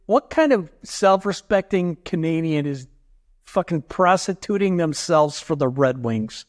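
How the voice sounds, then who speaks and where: A man's voice: on the high side, expressive, unhurried. A man co-hosting a podcast who teases his friend and jokes around in a casual chat. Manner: teasing, jokey, puts on mock voices. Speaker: podcast co-host.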